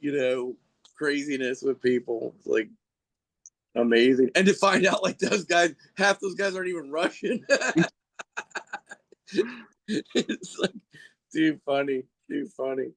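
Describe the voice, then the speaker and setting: A man's voice: fairly high pitch, animated, measured pace, vocal fry, pauses often. A middle-aged man chatting casually as a podcast guest, rambling through stories with frequent laughs. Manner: rambling, laughs often, mimics people in quotes. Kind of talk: casual chat.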